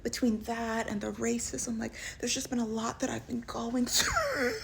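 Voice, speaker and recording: A smooth-talking man laying on a soft, mournful sob story, as a woman mimics him. He sounds hushed and self-pitying. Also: on the high side, sing-song, normal speed, a little hiss or hum, voice pushed up, exaggerated voice. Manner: soft, mournful, fake-sad.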